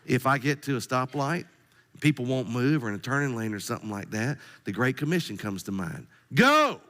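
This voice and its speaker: A male pastor preaching a sermon in an animated, humorous way and putting direct questions to the congregation. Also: medium pitch, a little fast.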